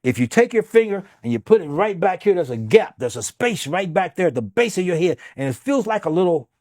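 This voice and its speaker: In an interview, a male doctor tells a dramatic story with strong emphasis, acting out what people said. His voice sits high and sing-song with a darkish tone, moving a little fast. The studio recording has no echo.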